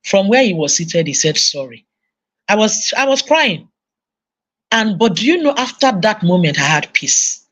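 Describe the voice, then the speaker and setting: A woman's voice: medium pitch, normal speed. A woman with a Nigerian English accent giving a sermon-style parenting talk at a conference, telling stories and acting out voices. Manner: animated storytelling, acting out voices. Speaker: conference speaker.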